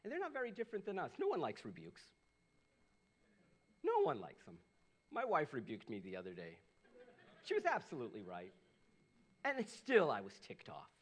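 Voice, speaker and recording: A middle-aged man, a pastor, preaching a sermon, animated and swinging from loud bursts to hushed lows. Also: normal speed, long pauses, breathy edge.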